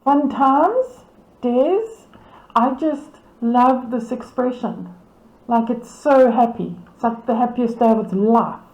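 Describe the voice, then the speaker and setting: A woman's voice: on the high side, expressive, slow pace, darkish tone, roomy sound, low-quality recording. A woman, casually commenting on club photos as she reads out titles and names, amused and laughing often. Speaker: camera club presenter.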